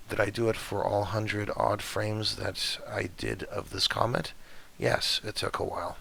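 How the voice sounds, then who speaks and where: A man with a low, heavily gravelly voice that keeps cutting out, talking through a screen-recorded tutorial. His tone is bright and edgy despite the rasp, and he explains each click in a casual, chatty way with plenty of fillers. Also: unhurried, slight background noise. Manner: relaxed, chatty, step-by-step with fillers. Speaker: astrophotography tutorial maker. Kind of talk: screen-recorded software walkthrough.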